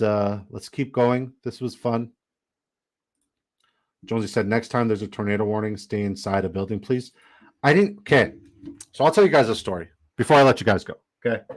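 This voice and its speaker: A young man casually telling his viewers a long story, animated and rambling, with lots of "like". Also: mid-range voice. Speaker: fantasy football streamer.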